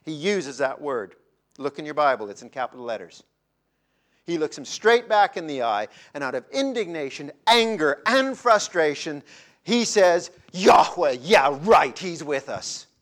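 A man's voice: on the high side, big pitch swings, moderate pace. Dramatic male preacher, wide-ranging voice. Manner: dramatic, swings from loud emphasis to hushed near-whispers. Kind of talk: sermon.

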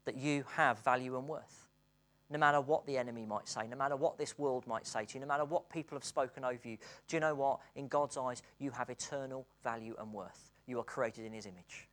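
A British preacher delivering a sermon, earnest, moving between hushed and excited passages and laughing between points. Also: mid-range voice, quick pace, few pauses. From Britain.

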